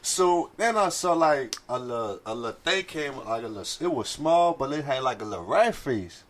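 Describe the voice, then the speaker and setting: A man's voice: medium pitch, normal speed. A man telling funny stories in casual chat with friends, acting out the voices of people in them. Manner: animated, acts out voices in his stories. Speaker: guest. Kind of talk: casual storytelling among friends.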